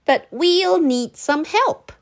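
A woman voicing a small, cheerful boy in a storybook read-aloud, bright and eager. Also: extremely high pitch, lively intonation, slow, vocal fry, pitched above the performer's own voice, full character voice.

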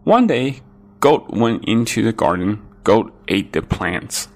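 A man narrating a children's storybook with a sing-song, expressive delivery. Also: on the low side, slow pace.

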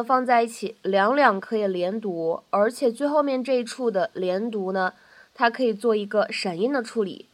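A woman's voice: a little high, fairly bright tone. A woman narrating a pronunciation lesson, patiently explaining each point and saying each example phrase three times over. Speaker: English pronunciation teacher.

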